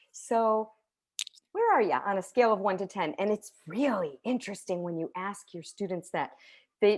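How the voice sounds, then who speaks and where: Over a video call, a woman teacher gives an online conference talk in a medium-pitched voice. She's lively and conversational, often checking in with "right?" and soft laughs.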